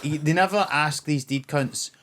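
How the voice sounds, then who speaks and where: A man's voice: on the high side, measured pace, a bit bright, slight background noise. A Scottish man co-hosting a podcast, chatting casually in a blunt, sweary, ranting way. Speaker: podcast co-host.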